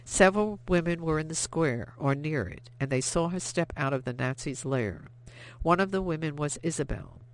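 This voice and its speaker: Steady, expressive audiobook narrator. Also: mid-range voice, normal speed. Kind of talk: scripted narration of a novel.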